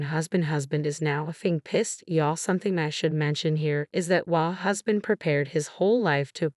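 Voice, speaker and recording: A woman with a low voice reads a personal story aloud in a flat, steady way. Her delivery is even and measured. The recording is dry and close, with no room sound. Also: no room sound. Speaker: story narrator. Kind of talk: reading a forum post aloud.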